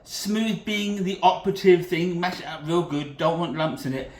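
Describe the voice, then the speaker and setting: A man's voice: sits high, moderate pace, roomy sound. A man from Britain hosting a casual cooking demonstration in his home kitchen, chatty and loose, often correcting himself mid-sentence. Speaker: cooking channel host.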